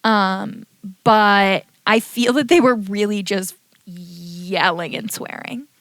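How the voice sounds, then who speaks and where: A woman co-hosting a podcast in a quick, agreeable casual chat. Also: mid-range voice, steady tone, vocal fry, fairly bright tone, no echo. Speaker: podcast co-host.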